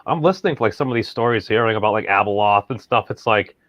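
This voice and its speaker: Podcast dude rambling with lots of likes, dry kinda muffled mic. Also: male voice, lowish voice, fast talker, a bit bright, no echo. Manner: rambling, hedging with filler words. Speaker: podcast co-host. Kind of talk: casual chat.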